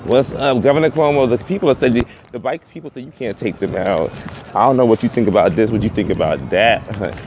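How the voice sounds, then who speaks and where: A man's voice: medium pitch, fairly quick, a little mellow. A man, a comedian from Brooklyn, bantering in a casual, teasing way and laughing often. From Brooklyn, New York. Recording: noisy street recording.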